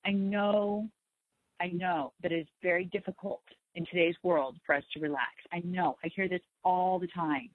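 A spiritual talk show host, a woman with a lowish voice, speaks at normal speed with fairly even intonation, gently and reassuringly circling back over the same words in a soothing talk on meditation and letting go. Her voice sounds thin and tinny like a phone line, dry with no echo or room around it.

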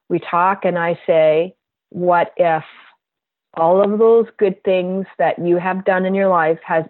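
A woman's voice: fairly low pitch, no echo. A woman guest, a bodywork practitioner, telling a personal story in an earnest, heartfelt way. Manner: earnest, heartfelt, slow and reflective. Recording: tinny phone-like line, dry.

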